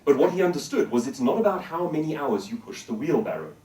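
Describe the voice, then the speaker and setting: A man's voice: fairly high pitch, very animated, fast, warm tone, roomy sound, far from the mic, rough recording. A man giving an emphatic motivational talk to a live audience, putting questions to the listeners. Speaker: professional speaker.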